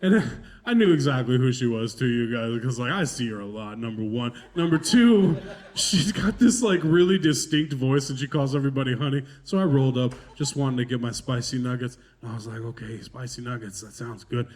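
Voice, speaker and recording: A man's voice: mid-range voice, expressive, fairly quick, a little mellow. A male stand-up comedian telling stories in a loose, profane, self-mocking way, laughing through his lines.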